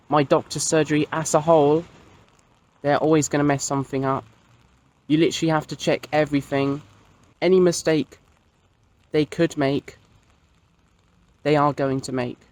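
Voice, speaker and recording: A woman's voice: low-pitched, flat delivery, a little slow, long pauses, a little mellow. A young trans woman speaking frankly in a direct-to-camera video diary, with plenty of casual fillers. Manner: candid, frank, frequent fillers. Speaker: video diarist.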